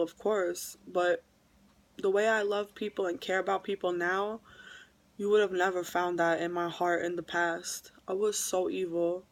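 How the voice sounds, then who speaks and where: New woman, vlogger, heartfelt testimony delivery, repeats herself for weight. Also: lowish voice. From New York. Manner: emotional, repeats phrases for emphasis. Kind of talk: earnest religious testimony vlog.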